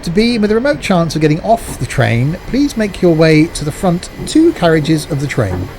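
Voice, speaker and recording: A man putting on the voice of a train guard making formal announcements to passengers, in a drawn-out announcer delivery. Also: fairly high pitch, sing-song, darkish tone, a little hiss or hum, pitched above the performer's own voice. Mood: mock formal.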